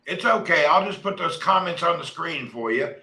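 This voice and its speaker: A man's voice: fairly high pitch, lively intonation, moderate pace, creaky, sharp tone. A man hosting a casual livestream, joking in a folksy way and reading viewer comments aloud. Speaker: livestream host. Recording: echoey room.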